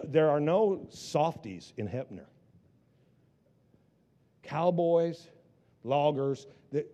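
A man's voice: a little high, darkish tone, dull audio. A man preaching a sermon with passion, often stumbling and restarting his phrases. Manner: impassioned preaching with many restarts. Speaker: pastor. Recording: long hall reverb.

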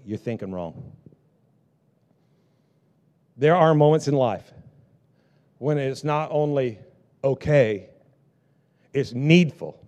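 A middle-aged male pastor preaching a sermon, swinging between loud bursts and hushed lines. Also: medium pitch.

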